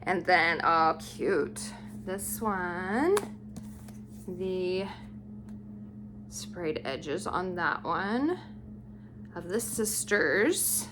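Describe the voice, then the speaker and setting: A woman vlogger showing off a book haul, gushing and unhurried as she admires each book aloud. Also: fairly low pitch, animated, background noise. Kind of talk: casual book haul show-and-tell.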